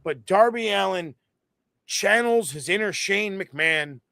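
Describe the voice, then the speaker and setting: A man's voice: sits high, expressive, unhurried, gravelly, pushed and bright, dry recording, clean studio sound. A man co-hosting a casual wrestling review podcast, telling the story animatedly with lots of swearing and mocking quoted voices. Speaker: podcast co-host.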